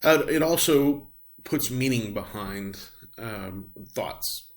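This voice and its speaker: A middle-aged man teaching a recorded class on patient communication. His voice sits at an ordinary middle pitch. He explains each point plainly and often pauses on um and uh. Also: lively intonation. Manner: explanatory, frequent ums and uhs. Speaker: nursing instructor. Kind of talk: recorded lecture.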